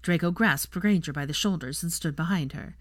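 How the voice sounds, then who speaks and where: Low-voiced woman reading a story. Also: a little fast, no room sound, clean studio sound. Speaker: audiobook reader. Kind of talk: fan fiction narration.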